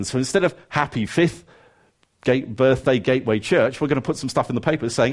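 A man preaching a sermon, moving from emphatic rising questions to quiet, earnest asides and acting out his listeners' thoughts. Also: fairly high pitch, lively intonation, normal speed, long pauses. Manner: conversational, acts out listeners' thoughts.

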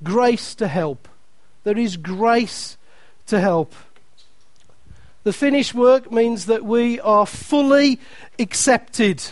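Slow, high-voiced preacher. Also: male voice, dry recording. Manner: emphatic, repeating key phrases, reading scripture aloud; playful asides to the congregation. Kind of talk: sermon.

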